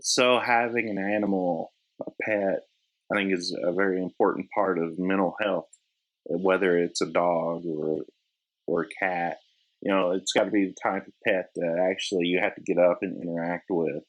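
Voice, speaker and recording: A man talking as a podcast guest in a relaxed, easygoing way. His voice sits somewhat low, and he laughs easily between thoughts. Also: moderate pace, rough recording. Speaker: guest, editor and publisher. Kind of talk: casual chat.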